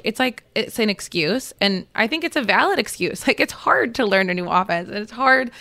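A woman's voice: medium pitch, expressive, fairly quick, few pauses, sharp tone. A woman football reporter on a podcast, telling stories in a chatty, casual way with many fillers and restarts. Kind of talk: casual chat.

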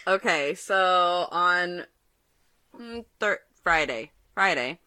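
A woman telling a story on a podcast, her voice bright and crisp, close and dry with no room sound. She is animated and breaks into laughter often, chatting casually. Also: on the low side, extremely slow, dry recording. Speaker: podcast co-host and teacher.

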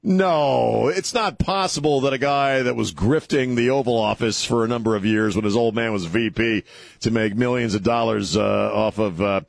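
A man's voice: medium pitch, moderate pace, vocal fry, dry recording. A man hosting a talk radio show, taking callers and giving sarcastic, mocking commentary in a chatty way.

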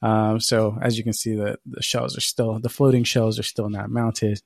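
Man, podcast co-host, gravelly voice, dry close sound, rambling and profane. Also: on the low side, little pitch movement, moderate pace, dry recording. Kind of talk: casual chat.

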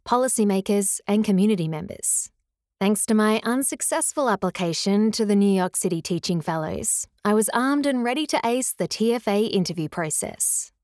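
A woman narrating her own memoir as a former teacher, in a measured, earnest and reflective way. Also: mid-range voice, darkish tone, no echo, clean studio sound. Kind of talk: scripted first-person memoir narration.

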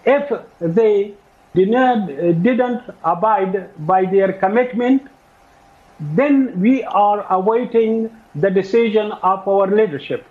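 A man answering an interviewer's questions in a halting way, with many filler sounds, heard in a clip. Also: high-pitched. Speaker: spokesman in a news interview. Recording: tinny phone-line audio clip.

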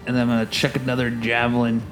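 A man's voice: medium pitch, completely flat delivery, very fast, music in the background, low-quality recording. A man playing a tabletop game, calling his moves in a matter-of-fact way. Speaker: player. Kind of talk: casual tabletop play.

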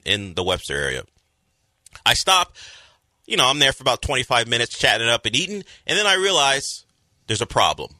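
A man co-hosting sports radio, teasing the others and telling a story in a wry, animated way. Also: mid-range voice, no room sound.

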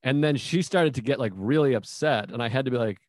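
A man in his thirties hosting a casual podcast interview, musing aloud and asking relaxed follow-up questions. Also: medium pitch, fairly quick, dry recording, clean studio sound. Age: 30s. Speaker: podcast host.

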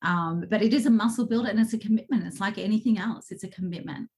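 As a guest in a casual interview, a woman communication coach with a medium-pitched, darkish voice talks fast and tells stories animatedly. She acts out quotes and breaks into bursts of laughter.

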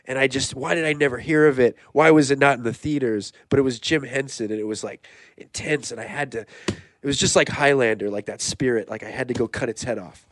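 Dude rambling in a comedy bit, gets all worked up, dry room. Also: male voice, mid-range voice, brisk, a bit bright, no echo. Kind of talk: improvised comedic banter.

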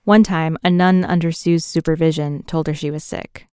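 Woman doing scripted documentary narration, smooth and low, dry close sound. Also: no echo. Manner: measured, even storytelling.

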